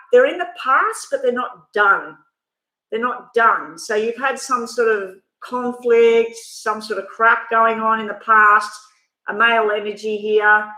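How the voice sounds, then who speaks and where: A woman's voice: medium pitch, pushed and bright, echoey room, rough recording. A middle-aged Australian woman giving a rambling, frank tarot reading on a live stream. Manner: chatty, rambling, frank with mild swearing. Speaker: tarot reader.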